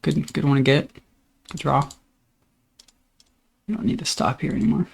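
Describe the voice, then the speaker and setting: A man with a slightly high, gravelly voice gives casual commentary on his card game. He thinks aloud about each move in a relaxed, upbeat way. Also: normal speed.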